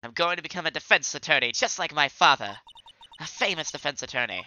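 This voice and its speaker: A man voicing a proud, righteous young boy with a put-on British accent, in a crisp, scolding manner. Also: a little high, animated, fast talker, pushed and bright, faint music behind, low-quality recording. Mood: indignant.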